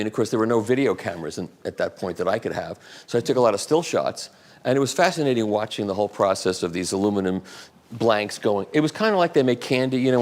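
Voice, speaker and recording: An older man speaking live to an audience, answering questions with rambling, animated anecdotes. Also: lowish voice.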